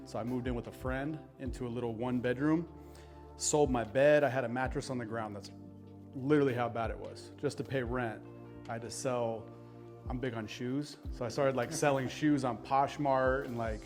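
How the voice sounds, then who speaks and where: A man's voice: medium pitch, a little mellow. Man, podcast guest, earnest and emotional, chatty with fillers, faint music behind. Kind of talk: candid personal storytelling. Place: podcast studio with live audience.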